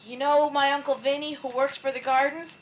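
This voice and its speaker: A woman's voice: high voice, a little fast, muffled recording, slight background noise, natural voice. Woman doing a bubbly teen girl. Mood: excited. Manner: eager, excited.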